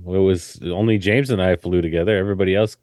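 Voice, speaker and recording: A man co-hosts a podcast with a very low voice, mostly chiming in with short replies. The recording is dry and close. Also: steady tone, quick pace, darkish tone, dry recording. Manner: mostly brief backchannel replies. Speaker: podcast co-host. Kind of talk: casual chat.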